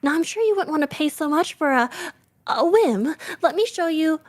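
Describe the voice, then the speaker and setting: A woman's voice: high-pitched, lively intonation, normal speed, voice pushed up. A woman voicing a nervous, stammering old hunchbacked male antique dealer in a storybook reading. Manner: stammering, hesitant, hushed.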